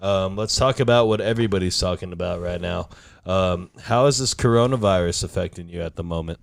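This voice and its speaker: Laid-back low-voiced male podcast host. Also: fairly quick, gravelly, no echo. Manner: laid-back, swears, says "dude" a lot. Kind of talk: casual chat.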